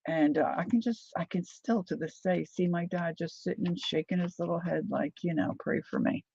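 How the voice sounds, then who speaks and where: Middle-aged female crafter, chatty storyteller, husky gravelly voice, muffled recording. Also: on the low side, steady tone, normal speed, mellow. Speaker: craft vlogger. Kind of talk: casual storytelling while crafting.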